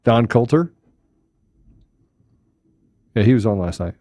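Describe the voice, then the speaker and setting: A man co-hosting a podcast, talking loud and upbeat and laughing often. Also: medium pitch, expressive, slow pace, slight background noise. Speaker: podcast co-host. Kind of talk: casual chat.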